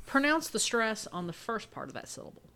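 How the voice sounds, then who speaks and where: A woman's voice: fairly high pitch, very animated, fairly quick, vocal fry, bright, forceful tone. A young adult woman co-hosting a podcast, rambling through a casual chat, laughing often and restarting her sentences. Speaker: podcast co-host.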